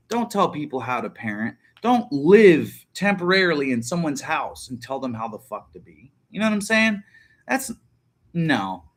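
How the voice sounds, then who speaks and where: A man's voice: mid-range voice, a bit bright. A man in his thirties hosting a casual livestream, chatting bluntly and rambling with plenty of profanity. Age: 30s. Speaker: livestream host.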